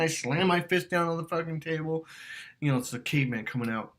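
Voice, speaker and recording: A man's voice: a little high, quick pace, a bit bright. A man coaching on dating, talking emphatically, swearing and acting out quotes. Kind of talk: animated coaching talk.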